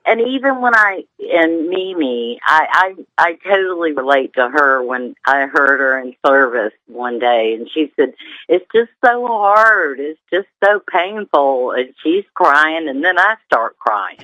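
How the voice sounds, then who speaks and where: A woman's voice: rumbling low, lively intonation, measured pace, hardly any pauses, pushed and bright, no echo, muffled recording. A woman from Georgia calling into a radio show, hesitant and emotional, often restarting her sentences. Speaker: radio caller. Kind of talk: call-in radio question.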